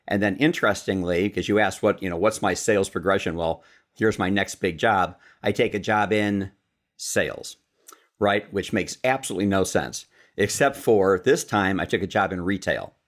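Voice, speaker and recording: A man's voice: low-pitched, moderate pace. A man from Chicago, a sales speaker and author, telling stories as a podcast guest and acting out the quotes. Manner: lively storyteller who acts out quotes. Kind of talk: storytelling in a podcast interview.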